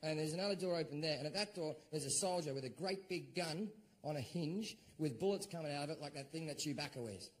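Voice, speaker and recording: A middle-aged Australian man doing stand-up, telling a story in a profane, animated way and shouting out his own quoted lines. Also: on the high side, quick pace, few pauses. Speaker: stand-up comedian.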